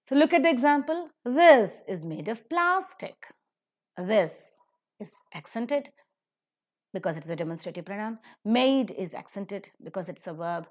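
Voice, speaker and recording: A woman teaching a phonetics lesson on weak forms, with speech and slow, emphatic model sentences. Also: on the low side, a little mellow. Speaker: English pronunciation teacher.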